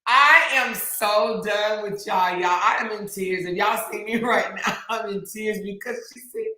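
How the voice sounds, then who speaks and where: A woman's voice: medium pitch, unhurried, sharp tone. A woman hosting a livestream, reading chat to her viewers in slang and laughing so hard she is in tears and keeps breaking off mid-sentence. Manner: talks straight to her viewers with lots of slang. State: crying with laughter. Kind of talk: casual chat. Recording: very echoey room.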